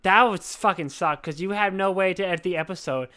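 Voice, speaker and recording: A man co-hosting a podcast while drunk, rambling loudly and swearing in casual chat. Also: sits high, brisk, clear, resonant tone. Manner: rambling, loud, profane. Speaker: podcast co-host. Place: at home, on the floor.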